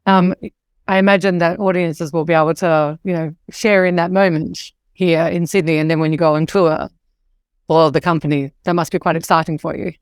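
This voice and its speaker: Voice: mid-range voice, steady tone, normal speed, smooth, dry recording, studio quality. An interviewer asking a long question hesitantly, with many fillers. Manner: hesitant, filler-heavy phrasing. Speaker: podcast interviewer.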